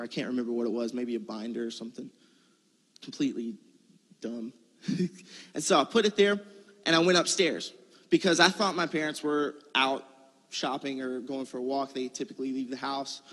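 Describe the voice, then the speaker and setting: Guy preaching, kinda high-pitched, chatty earnest storytelling, echo trails off like a big hall. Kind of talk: conversational sermon.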